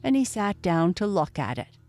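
A woman narrating a storybook in a calm, measured reading voice. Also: lowish voice, faint music behind.

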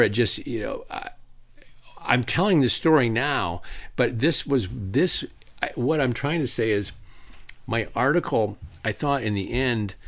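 A middle-aged man telling a rambling anecdote to an audience, with many restarts and fillers. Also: medium pitch. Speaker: author giving a talk.

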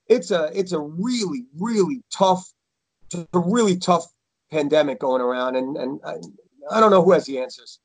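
A man talking casually as a podcast guest, halting and repeating himself, with bursts of enthusiasm. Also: on the high side, slightly rough, no echo. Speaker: podcast guest, school worker. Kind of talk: casual chat.

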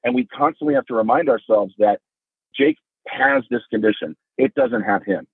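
Here a middle-aged podcast guest with a husky, expressive voice talks at a moderate pace on a dry, phone-like remote connection. Father to a son with epilepsy, he shares family stories earnestly and emphatically, pitching upward when moved.

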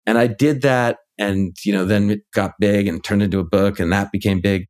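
A man who is a ghostwriter and author, a guest in a relaxed interview. His voice sits somewhat low. He works through his ideas out loud in a reflective way, leaning on fillers as he goes. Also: moderate pace, few pauses. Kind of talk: casual conversation.

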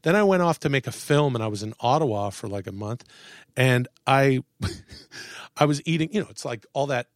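A man in a casual podcast chat, telling animated stories, swearing freely and acting out what people said. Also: medium pitch, moderate pace, no echo, clean studio sound. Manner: animated storyteller, swears, acts out quotes. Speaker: podcast guest, actor and comedian. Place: podcast studio.

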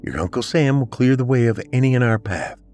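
A man voicing a gentle older grandmother who speaks quietly and soothingly. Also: mid-range voice, a little fast, soft background music, voice pushed up, close to an everyday voice. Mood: reassuring. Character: gentle older grandmother, soft-spoken and reassuring.

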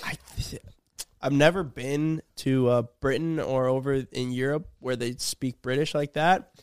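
A man's voice: mid-range voice, fairly even intonation, measured pace, clear, resonant tone. A young man co-hosting a podcast, joking and swearing freely in casual chat. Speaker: podcast co-host.

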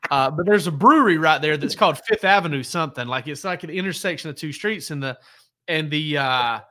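A man tells loose, meandering stories in a casual podcast chat, backing up to fix names and details as he goes. His voice sits a bit high and sounds bright and forceful. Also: expressive, fairly quick. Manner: rambling, self-correcting, laid-back storyteller. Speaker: sports reporter.

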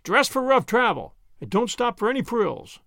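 A blunt, commanding man barking orders, as a storyteller reads him, gravelly and high for a man. The sound is dry and close. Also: very animated, moderate pace, no echo, exaggerated voice.

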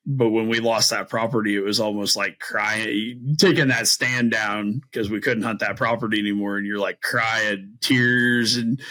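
Low, bright-voiced man telling hunting stories. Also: unhurried. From Midwest US. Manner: rambling, many fillers and restarts; animated, acts out quoted voices. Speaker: podcast guest, bowhunter. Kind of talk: casual storytelling.

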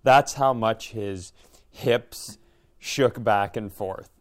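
A man's voice: lowish voice, extremely slow. A middle-aged man co-hosting a podcast, telling a long rambling story in casual chat and swearing freely. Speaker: podcast co-host.

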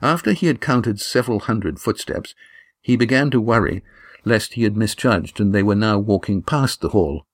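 A man reading a novel aloud as narrator, in a measured, even delivery. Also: on the low side, no room sound, studio quality. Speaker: audiobook narrator. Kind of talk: scripted narration.

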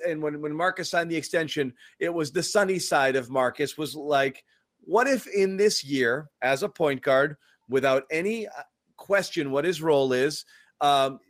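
A man hosts a sports podcast in a relaxed, joking way. His voice sits a bit high, and the sound is dry and close. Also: moderate pace, dry recording. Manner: relaxed, joking, reads sponsor spots. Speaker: podcast host. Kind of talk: casual sports podcast chat.

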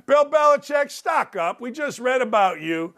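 A man's voice: extremely high pitch, expressive, normal speed, pushed and bright. A middle-aged man hosting a sports talk show, delivering a blunt, sarcastic monologue and swearing freely. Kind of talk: opinionated sports commentary monologue.

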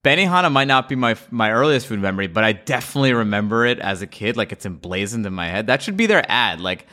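Young Long Island-accented host, bright and punchy, riffs on bits with swearing. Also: male voice, on the low side, very animated, fast talker. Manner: joking, profane, riffing. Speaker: podcast host. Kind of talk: casual podcast chat.

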